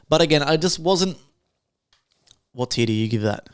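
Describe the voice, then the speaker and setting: A man's voice: medium pitch, expressive, normal speed, pauses often, smooth, no room sound, clean studio sound. Blunt man telling a blunt story. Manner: blunt, clipped and swearing when telling a story. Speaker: podcast co-host. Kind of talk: casual chat.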